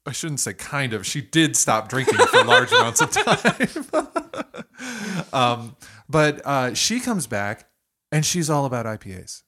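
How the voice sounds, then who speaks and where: A man's voice: mid-range voice, wildly swooping pitch, unhurried, pushed and bright. A man hosting a podcast from a dining room, telling stories in a rambling, self-interrupting way. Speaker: podcast host. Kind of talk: casual chat. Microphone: recording at a dining table.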